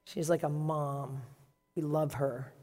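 A pastor preaching a sermon in a dramatic, conversational storytelling way, dropping to a hush and rising again. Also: medium pitch, flat delivery, takes it slowly. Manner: dramatic, acts out voices in quotes, swings from hushed to loud. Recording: long reverb of a large hall.

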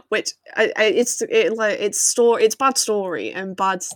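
A woman's voice: mid-range voice, animated, slow, dry recording. A woman co-hosting a podcast in casual chat, laughing often as she talks. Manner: giggly, chatty, often laughing. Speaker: podcast co-host.

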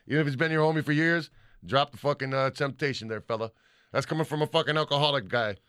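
A man co-hosting a casual podcast, talking loudly and profanely while he reads out listener shout-outs. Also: mid-range voice, fast, smooth, no room sound, studio quality. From Michigan. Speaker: podcast co-host.

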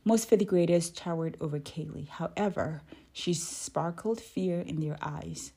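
Woman reading a children's book aloud; husky, low and unhurried, gentle pace. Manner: careful, gentle, correcting her own slips. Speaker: reader.

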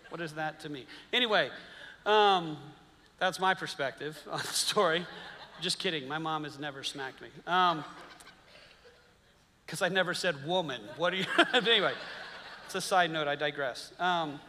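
Bright-voiced pastor in his fifties, church hall. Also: a little high. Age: 50s. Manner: conversational storytelling, acts out quoted voices, jokes and asides. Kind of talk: sermon.

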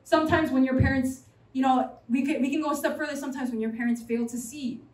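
Young woman from New York City, lively joking preacher, bright high voice, echoey hall. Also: quick pace. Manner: animated, chatty, jokes with the audience. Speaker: preacher at a college fellowship. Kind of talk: sermon. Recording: roomy sound from a distant mic.

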